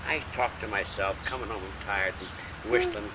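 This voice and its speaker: An older man telling a long, animated anecdote during a casual home visit. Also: lowish voice, moderate pace. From United States. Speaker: storyteller. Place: house in a city neighborhood. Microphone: camcorder mic. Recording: noisy home video with street sounds.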